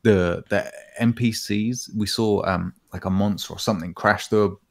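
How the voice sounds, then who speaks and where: A man co-hosting a gaming podcast, talking in a relaxed, rambling way and calling his friend "man" and "bro". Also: on the low side, normal speed. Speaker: podcast co-host. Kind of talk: casual gaming chat.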